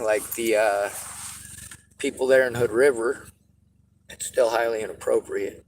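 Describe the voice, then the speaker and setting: A man's voice: mid-range voice, low-quality recording. A man venting frustrated commentary in a vlog, ranting and swearing. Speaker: vlogger.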